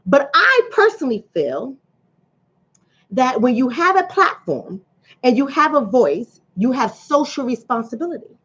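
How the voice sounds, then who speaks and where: Lively, husky woman with lo-fi sound. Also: high voice, measured pace. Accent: New York–New Jersey area. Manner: animated storytelling, acts out quoted voices. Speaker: relationship coach and livestream host. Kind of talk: casual livestream talk, reading viewer comments. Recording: dull lo-fi audio.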